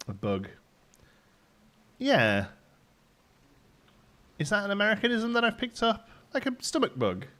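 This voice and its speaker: Chatty man with a softened Midlands accent. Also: fairly high pitch. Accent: softened Midlands English. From English Midlands. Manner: rambling, chatty, laughs often. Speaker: livestream host. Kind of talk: casual chat while streaming a game.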